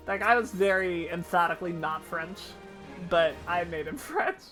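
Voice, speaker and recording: A woman's voice: lowish voice, moderate pace, a bit bright, soft background music. A woman streaming a game live, making playful asides between reading dialogue.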